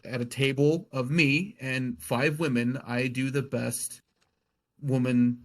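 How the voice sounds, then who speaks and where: A man's voice: medium pitch, steady tone, takes it slowly. Rambling man chatting as a guest. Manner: rambling, restarts sentences often. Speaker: guest game master. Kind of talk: casual podcast chat.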